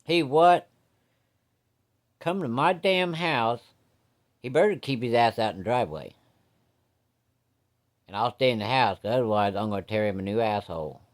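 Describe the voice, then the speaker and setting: A man voicing a blustering, hot-tempered working-class father who cusses loudly and makes threats. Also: fairly low pitch, brisk, long pauses, lightly acted. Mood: furious. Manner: cussing, loud, blustering threats.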